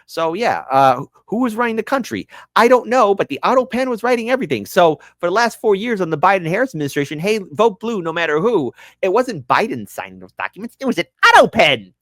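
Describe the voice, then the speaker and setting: A man's voice: sits high, very animated, fast, few pauses, fairly bright tone, no room sound. A man hosting a political commentary show, ranting sarcastically and with exasperation, often stumbling over his words.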